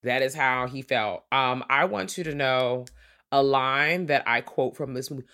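A woman co-hosting a podcast in a loud, profane casual chat, acting out quotes from films. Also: very deep voice, measured pace. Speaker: podcast co-host.

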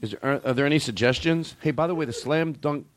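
A man's voice: on the high side, fast. Rambling man hosting a comedy podcast. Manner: rambling, self-correcting. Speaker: podcast host. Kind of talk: casual comedy podcast chat.

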